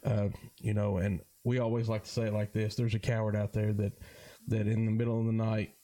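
A man, a guest talking about a charity bike ride in a halting way, full of fillers and restarts. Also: lowish voice, little pitch movement, dark tone. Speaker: guest, board member of a first-responder charity ride. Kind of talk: casual interview talk.

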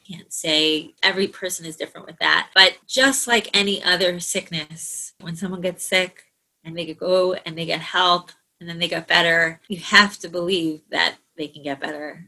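A woman guest in a conversational interview who explains her experiences in a reflective, steady way. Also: on the low side, poor audio.

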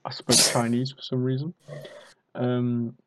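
A man's voice: medium pitch, monotone, a little slow, fairly bright tone. A young British man casually telling a rambling, self-mocking party story. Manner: rambling, self-mocking, acts out drunk quotes.

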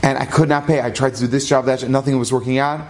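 A man's voice: mid-range voice, fairly even intonation, fast talker, close to an everyday voice. A man voicing a desperate, tearful young widow who begs a rabbi for help. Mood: pleading. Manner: pleading, tearful.

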